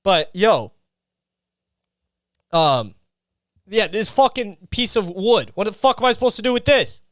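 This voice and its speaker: A man's voice: sits high, fairly quick, no room sound. A young man hosting a solo comedy podcast, ranting profanely and acting out voices while sweating in a heatwave. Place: his hot bedroom.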